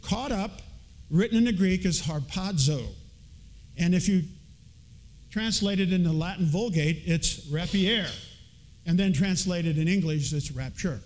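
High-voiced preaching man. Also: measured pace, long pauses, a little mellow, poor audio. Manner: earnest preaching with folksy storytelling. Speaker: pastor. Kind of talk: sermon.

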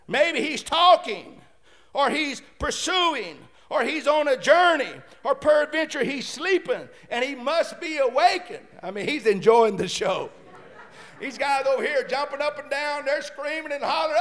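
Guy preaching a sermon, real high voice, gets loud and fired up, jokes around. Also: moderate pace. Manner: fervent, shouting in bursts, then reading scripture calmly; playful asides while retelling the story.

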